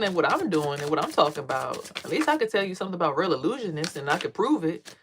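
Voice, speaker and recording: Woman talking aave, cussing a lot, animated vlog story, doing the voices of other people. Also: fast, noisy background. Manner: animated, profane, acts out quotes in a high voice. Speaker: vlogger and tarot reader.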